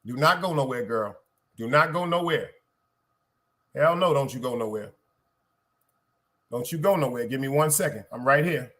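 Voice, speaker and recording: A man's voice: mid-range voice, lively intonation, moderate pace, pauses often, a bit bright. A man from Brooklyn with a Brooklyn accent, hosting a live podcast stream in casual, profane, rambling chat aimed straight at his viewers. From Brooklyn, New York.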